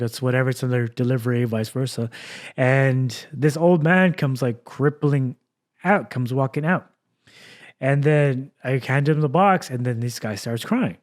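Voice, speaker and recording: A man from Texas hosting a casual podcast chat, talking in an earnest, rambling way full of fillers. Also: medium pitch. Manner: rambling, earnest, heavy with fillers like "like" and "you know". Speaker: podcast host.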